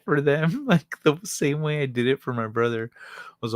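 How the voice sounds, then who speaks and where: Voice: mid-range voice, lively intonation, moderate pace, no echo, clean studio sound. A live-stream host casually telling a childhood story to chat, laughing often and swearing freely. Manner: laughs often, loose and profane.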